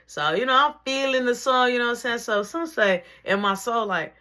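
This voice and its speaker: A woman telling a personal story in a casual, slangy way, with animated bursts and drops to near whispers. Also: medium pitch, moderate pace, few pauses.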